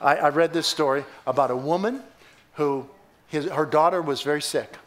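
A pastor delivers his sermon in a fairly high male voice. He preaches emphatically, bursting into loud exclamations and then dropping to hushed asides. He tells stories with repeated words and restarts along the way. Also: normal speed.

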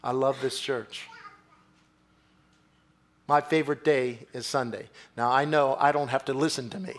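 A man preaching a sermon in a church, swinging from quiet, low phrases to loud, excited bursts. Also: a little slow. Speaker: pastor.

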